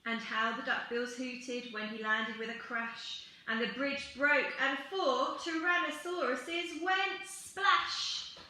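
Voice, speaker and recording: Bright-voiced woman teacher reading aloud. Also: on the high side. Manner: expressive, rhythmic storytelling. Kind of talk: reading a picture book aloud. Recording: very echoey room.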